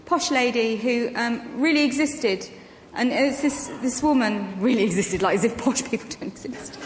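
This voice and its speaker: A woman telling anecdotes on stage in an interview, full of ums and quick laughs. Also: fairly high pitch, slight background noise. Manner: chatty anecdotal storytelling with frequent ums and laughs. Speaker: guest actress and comedian. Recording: echoey hall with long reverb, faint ambience.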